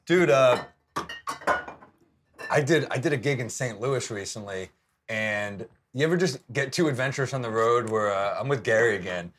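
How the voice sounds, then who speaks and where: A man's voice: medium pitch, expressive, normal speed, fairly bright tone. A man guest on a casual chat, telling a self-deprecating story over dinner at home. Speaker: guest comedian. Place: home kitchen.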